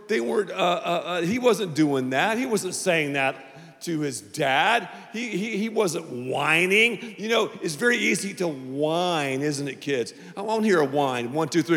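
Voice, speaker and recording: A male pastor preaching a playful, animated sermon to a family audience, repeating phrases for emphasis. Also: high voice, a little slow, gravelly. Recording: long reverb of a large hall.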